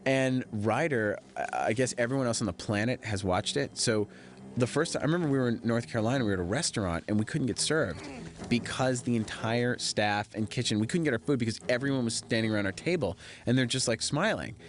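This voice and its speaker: A man, a film director, giving a DVD audio commentary, telling stories in an animated way and mimicking the people he quotes. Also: medium pitch, fairly quick. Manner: animated anecdotal storytelling, mimicking others in quoted dialogue.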